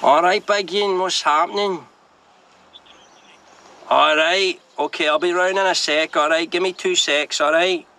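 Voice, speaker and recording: A man's voice: sits high, steady tone, unhurried, exaggerated voice. An actor with a Glasgow accent playing a shifty, pushy man who insists he is an undercover officer. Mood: insistent. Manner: pushy, insistent, shouts demands.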